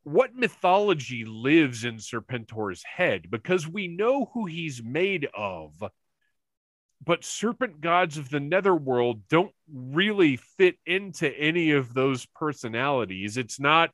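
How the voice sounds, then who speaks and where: Lively, bright-voiced male podcast host. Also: fairly high pitch, dry recording, clean studio sound. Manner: excitable, animated storyteller with quick asides. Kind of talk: casual fan podcast chat.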